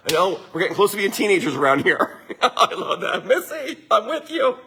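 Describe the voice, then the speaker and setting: A man's voice: sits high, sing-song, brisk, gravelly, sharp tone, husky. A middle-aged man, a winery owner, giving a casual motivational talk to viewers in an upbeat, chatty way, often tagging his lines with a question. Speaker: winery owner hosting a livestream.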